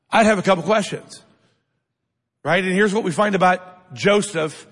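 A male pastor preaching a sermon, emphatic, constantly checking in with the congregation and building up to shouted lines. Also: high voice. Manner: keeps asking the congregation "right?". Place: church sanctuary. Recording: long reverb of a large hall.

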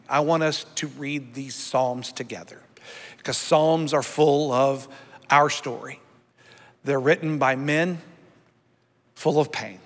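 A middle-aged pastor with a mid-range, fairly bright voice preaches emphatically in a church sanctuary, leading his congregation in reading Scripture aloud. The service is also streamed online, and the recording has long hall reverb.

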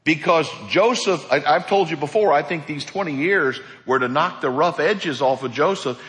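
A male pastor delivers a sermon to his congregation. He is animated and slips into the voices of people in his stories. His voice rings out with a long reverb in a church hall. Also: on the high side, moderate pace.

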